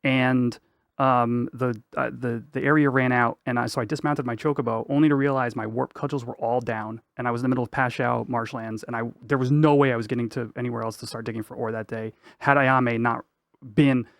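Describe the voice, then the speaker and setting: A man's voice: mid-range voice, fairly even intonation, brisk, gravelly, dry recording, studio quality. A man co-hosting a gaming podcast, telling a story in a rambling way with lots of fillers. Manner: rambling, many fillers and restarts. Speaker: podcast co-host. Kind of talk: casual gaming chat.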